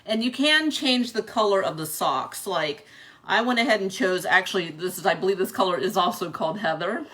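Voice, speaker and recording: A woman's voice: medium pitch, brisk, a bit bright. A young woman chatting casually through an unboxing video, laughing often between her remarks. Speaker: vlogger reviewing a product.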